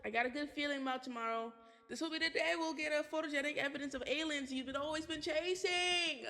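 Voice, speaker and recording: A laid-back young guy with a playful, teasing streak, voiced by a woman reading a game aloud. His lines come out pitched high and drawn out. The delivery is playful rather than fully acted. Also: quick pace, bright, forceful tone, soft background music.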